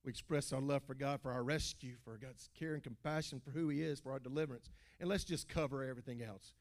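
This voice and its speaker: A man, a pastor preaching a sermon in a church, animated and stammering, with folksy phrasing and call-outs to the congregation. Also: medium pitch, fast talker. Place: church building.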